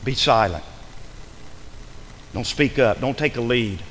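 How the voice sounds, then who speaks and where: A man preaching a sermon, lively and forceful, acting out the voices of the people he addresses. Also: mid-range voice, slow, in a large hall, a little hiss or hum, low-quality recording. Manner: animated preaching, acts out imagined voices. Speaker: pastor.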